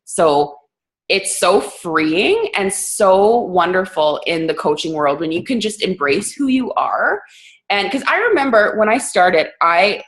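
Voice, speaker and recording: A young woman from Canada hosting a team coaching call, talking fast and casually with lots of fillers and a sarcastic edge. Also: mid-range voice, fairly bright tone.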